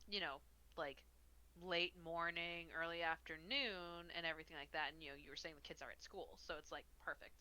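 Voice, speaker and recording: A woman's voice: deep voice, steady tone, brisk, rough recording. A woman co-hosting a casual podcast chat, giggly and laughing often as she talks. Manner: giggly, laughs often, bright chatty delivery. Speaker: podcast co-host.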